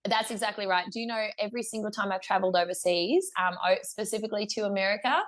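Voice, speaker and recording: Speaking fast in a medium-pitched voice, a young Australian woman recounts a story as a guest musician in a casual interview. Her delivery is chatty, full of laughter, fillers and false starts.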